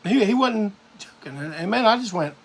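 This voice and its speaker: A man's voice: high voice, animated, moderate pace, slightly rough. A man hosting a live music show, telling a rambling, profane story in a casual monologue.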